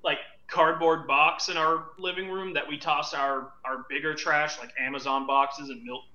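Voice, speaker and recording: A man's voice: on the high side, steady tone, moderate pace, pushed and bright, reverberant, muffled recording. A man co-hosting a casual podcast, hesitant and rambling as he explains.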